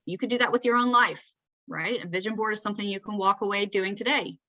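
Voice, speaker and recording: A woman's voice: medium pitch, steady tone, quick pace, sharp tone, no echo, poor audio. A woman with a Southern accent giving a conversational talk, often checking in with "right?". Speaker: presenter. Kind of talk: presenting a talk.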